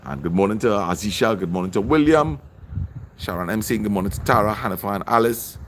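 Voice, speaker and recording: Animated and fast-talking, this middle-aged livestream host has a lowish voice, with a little hiss or hum in the audio. He chats through the comments, shouting out viewers by name as he reads them.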